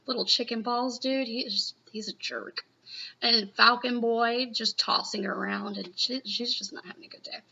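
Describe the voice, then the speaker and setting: A woman's voice: fairly high pitch, fairly even intonation, moderate pace, gravelly, pushed and bright, a little hiss or hum. A woman chatting casually in a live reaction video, rambling and gushing with lots of "you know.". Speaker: manga reaction vlogger. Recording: muffled lo-fi home recording.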